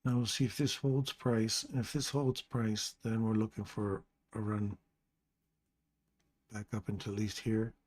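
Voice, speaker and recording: A man quietly thinking aloud while commentating his live trades as a streamer, talking into a desk mic. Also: on the low side, flat delivery, a little slow, dry recording, clean studio sound. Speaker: trading streamer.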